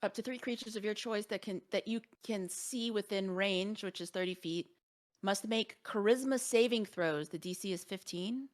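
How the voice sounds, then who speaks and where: A woman's voice: medium pitch, moderate pace. A woman playing a tabletop game, talking casually and reading spell rules aloud. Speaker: player.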